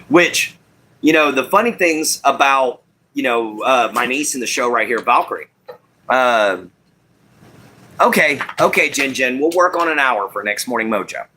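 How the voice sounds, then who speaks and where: A man's voice: medium pitch, expressive, measured pace, pushed and bright, a little hiss or hum. A man with a Southeast Texas country twang hosting a casual live-stream chat, talking in a folksy, rambling way.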